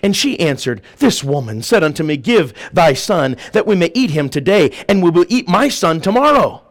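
A man preaching a fiery sermon in church, swinging from loud shouted lines down to hushed ones. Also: on the high side, big pitch swings, normal speed, few pauses. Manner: preaching with rising shouts and sudden drops to a hush. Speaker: pastor.

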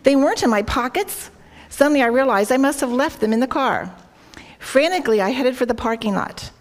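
A woman gives an earnest devotional talk to a women's group, sharing an anecdote, reading scripture, and frequently asking her listeners questions. Her high, expressive voice moves fairly quickly, picked up by a worn microphone.

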